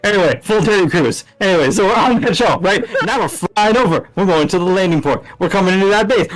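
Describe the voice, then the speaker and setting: A man's voice: high voice, lively intonation, fast, low-quality recording. A man playing a tabletop game, animatedly laying out a plan and checking in with "right?" after nearly every step. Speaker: player.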